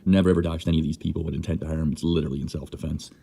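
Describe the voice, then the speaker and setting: A man in his thirties with a very deep, husky voice tears through a furious, rapid-fire rant. Curses and insults tumble out almost without a pause. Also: little pitch movement, mellow. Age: 30s. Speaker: livestreamer. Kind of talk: angry livestream rant.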